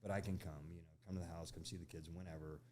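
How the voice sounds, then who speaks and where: A middle-aged man speaks in a low, deep voice as a podcast guest. He tells his story candidly and conversationally, checking in with "right?" and "you know". A faint hum sits under the recording. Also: fairly even intonation, rapid-fire, a little mellow. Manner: conversational, frequent "right?" and "you know" tags, acts out quoted lines.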